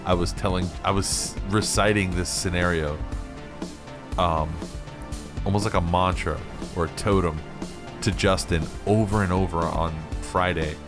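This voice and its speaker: A man's voice: low voice, steady tone, measured pace, music in the background. A man co-hosting a podcast, telling a story in a rambling way, laughing often and swearing freely. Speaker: podcast co-host. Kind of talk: casual chat.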